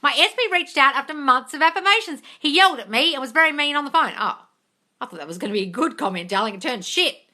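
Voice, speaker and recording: A woman's voice: sits high, expressive, fast talker, sharp tone. A woman on a casual live stream, reading viewer comments and answering them in a blunt, exasperated manner with a lot of swearing. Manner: reads viewer comments aloud.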